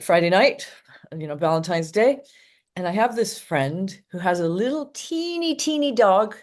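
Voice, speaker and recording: Older woman, guest dog trainer, low-pitched, rambling anecdotal interview chat. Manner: rambling anecdotal storytelling with frequent laughs.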